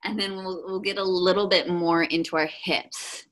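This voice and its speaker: A young woman with a Texan accent leads a yoga class in a slightly low voice. She gives calm, step-by-step cues for breath and movement. Now and then she breaks in with playful, goofy asides. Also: moderate pace, poor audio. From Texas, US. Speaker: yoga instructor.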